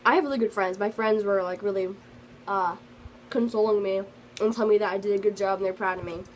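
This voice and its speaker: A woman's voice: mid-range voice, steady tone, fast, a little mellow, slight background noise, poor audio. A teenage girl telling a story in a casual vlog, rambling with lots of fillers and restarts. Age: teens. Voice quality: sensitive, earnest storytelling. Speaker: vlogger.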